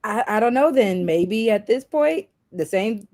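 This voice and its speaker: A woman's voice: a little high, expressive, unhurried, a little mellow. A woman co-hosting a casual debate, asking probing questions.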